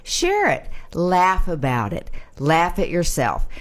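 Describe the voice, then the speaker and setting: A woman's voice: lowish voice, huge pitch swings, slow pace. A middle-aged woman, a brain health expert, giving advice in a casual panel chat and acting out little exchanges.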